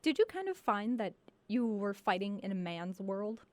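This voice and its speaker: A woman hosting a casual radio interview from a studio, giving frequent soft backchannels. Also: medium pitch, sing-song, moderate pace, no echo. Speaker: host.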